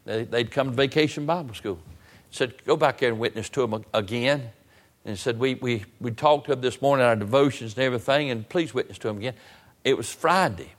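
A man preaches from the pulpit and tells a long story to his church. He restarts and repeats words often. When he retells his pleas, his voice climbs high and gets loud. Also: a little fast. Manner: repetitive restarts, rising to raised emotional pitch when retelling his pleas. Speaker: pastor. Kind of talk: sermon storytelling.

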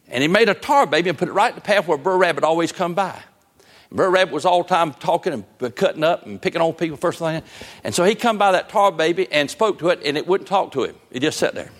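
An older man preaching a sermon, telling folksy stories with an earnest, gently urgent manner. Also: on the high side. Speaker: pastor.

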